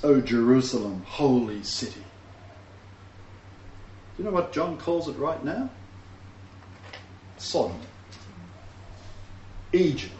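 Speaking slowly with long pauses, this preacher has an animated, warm, medium-pitched voice. He reads scripture fervently and drops scornful asides; the recording is roomy, distant, and dull, with faint ambience and slight background noise.

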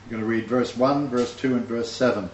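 A man's voice: medium pitch, fairly even intonation, brisk, slight background noise. A man preaching a sermon, reading scripture and speaking with fervent emphasis and scornful asides. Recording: roomy, distant, dull recording with faint ambience.

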